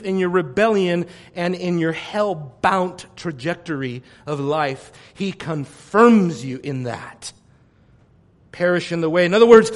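A man preaching a sermon with passion, swinging between loud declarations and hushed, almost whispered lines. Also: high-pitched. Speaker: pastor.

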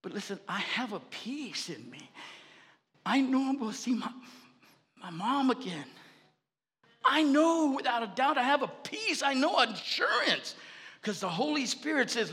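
High bright-voiced preaching pastor. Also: male voice, big pitch swings, unhurried, long reverb tail. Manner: preaching with rising fervor and repetition. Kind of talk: sermon.

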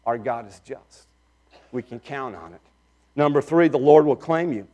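A middle-aged pastor preaching a sermon, swinging between loud emphatic lines and quiet asides. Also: male voice, mid-range voice, normal speed.

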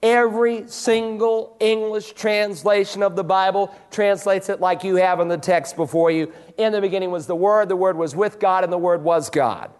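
Male pastor, higher-pitched voice, emphatic pulpit delivery, slows hard to stress key lines. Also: fairly even intonation, darkish tone, clean tone. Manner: emphatic, preacherly cadence with sudden slow stresses. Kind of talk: sermon.

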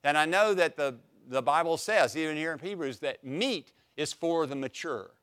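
A man's voice: fairly high pitch, animated, normal speed, fairly bright tone, smooth. A young man teaching a Bible class, emphatic and repeating phrases for stress, with light jokes to his students. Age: young adult.

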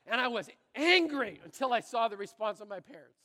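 A man from Canada, a pastor, giving a sermon through animated, exaggerated storytelling. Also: very high voice, fairly quick, big-room sound. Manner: animated, exaggerated storytelling that turns quiet and earnest.

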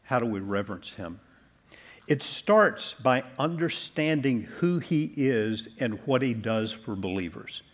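A man preaching a sermon as pastor, measured and deliberate, slowing down to stress key words. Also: mid-range voice, expressive.

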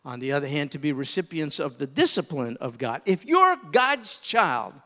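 A man's voice: on the high side, big pitch swings, normal speed, pushed and bright. A middle-aged man preaching a sermon, telling a personal story and rising to emphatic pleas. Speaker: pastor. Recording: long hall reverb.

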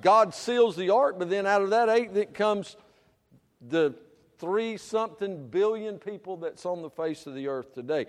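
Preacher guy, 50s, fairly high voice, booms then drops low, echoey hall. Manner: preaching with sudden loud emphatic bursts and dropped asides. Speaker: pastor. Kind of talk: sermon.

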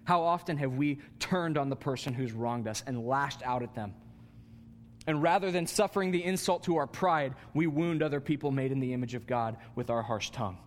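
A man preaching a sermon as a pastor, animated and self-mocking, climbing higher in pitch to stress a point. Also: slight background noise. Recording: long hall reverb.

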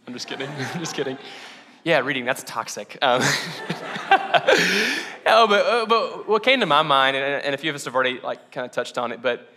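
A man's voice: mid-range voice, lively intonation, normal speed, long pauses, pushed and bright, a little hiss or hum. A man preaching a casual, conversational sermon to his congregation, laughing often and asking them questions. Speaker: pastor.

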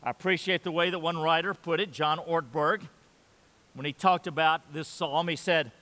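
A man's voice: on the high side, normal speed, sharp tone. Earnest older man preaching in a hall. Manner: earnest, repeats phrases, leads congregation in saying lines aloud. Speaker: pastor. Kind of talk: sermon.

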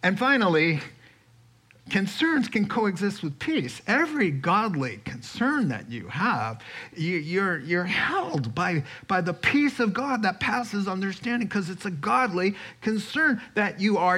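A man preaching a sermon, animated, acting out quoted voices and chuckling as he teaches. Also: high voice, unhurried, breathy edge. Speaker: pastor.

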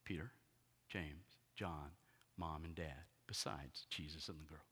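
A male pastor preaching a sermon dramatically, swinging between hushed whispers and loud exclamations. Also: a bass voice, a little slow, breathy edge.

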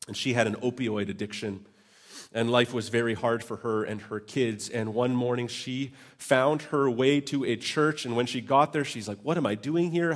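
A man preaching a Sunday sermon, reading scripture and telling stories, slipping into lively voiced quotes. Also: lowish voice. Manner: animated storytelling with voiced quotes. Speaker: pastor.

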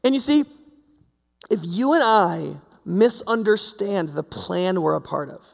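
A man's voice: high voice, animated, measured pace, creaky, in a large hall. A man preaching a sermon in a conversational way, full of fillers and rhetorical questions. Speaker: pastor.

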